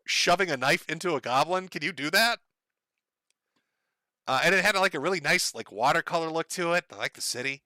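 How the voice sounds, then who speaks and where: Studio-quality, dry audio of a middle-aged man on a casual live stream, reading donations and swearing freely. He's wry and joking and laughs at his own jokes. His voice sits a little high, bright and forceful.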